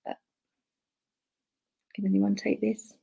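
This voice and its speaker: A woman relaying spirit messages to an online congregation as a medium. Her delivery is hesitant and full of fillers and restarts. Between messages she drops to a soft murmur, as if talking to herself. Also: mid-range voice, completely flat delivery, takes it slowly, creaky, slightly rough, poor audio. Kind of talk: live online clairvoyance demonstration.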